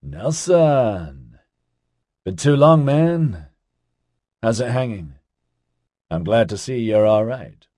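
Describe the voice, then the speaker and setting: A man voicing a laid-back, chatty young man who talks in hippie slang with an excitable drawl. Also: on the low side, measured pace, pauses often, no echo, clean studio sound, voice pushed up. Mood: cheerful.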